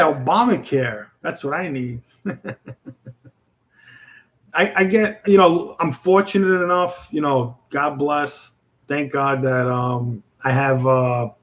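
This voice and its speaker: A man from New York with a Brooklyn accent rambles casually with livestream viewers, full of fillers and restarts. His medium-pitched, slightly bright voice moves slowly with frequent pauses. The audio quality is poor.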